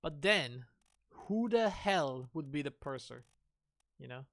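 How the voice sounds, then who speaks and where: A man's voice: a little high, lively intonation, slow pace, gravelly, a bit bright, no echo. A man streaming a game, chatting casually and musing aloud, asking himself questions. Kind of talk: casual gaming commentary.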